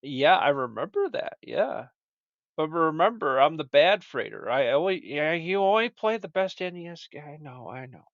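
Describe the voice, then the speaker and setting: A man's voice: fairly high pitch, expressive, normal speed, a bit bright, no echo. A man hosting a comedic show, rambling and stammering as he chats. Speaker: show host. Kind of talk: comedic podcast chat. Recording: dull, lo-fi dry recording.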